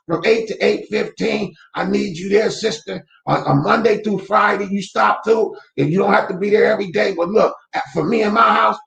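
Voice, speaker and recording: A man running his company's weekly motivational talk from home, speaking fervently like a preacher and breaking into shouts. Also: high-pitched, vocal fry, reverberant. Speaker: real estate company owner, host. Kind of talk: live faith-based motivational talk. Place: room at home. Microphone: camera mic.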